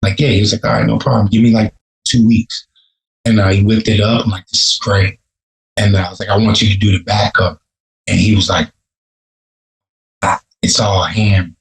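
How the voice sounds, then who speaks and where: Laid-back profane rapper, echoey room. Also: male voice, on the low side, little pitch movement, quick pace, vocal fry. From Chicago, USA. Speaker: rapper guest. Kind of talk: casual podcast interview.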